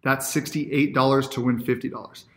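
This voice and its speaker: A man's voice: medium pitch, flat delivery, normal speed. A man co-hosting a sports betting podcast, joking around and rattling off his picks, his voice a little strained from doing accents. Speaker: podcast co-host, sports bettor. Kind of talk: casual banter about betting picks.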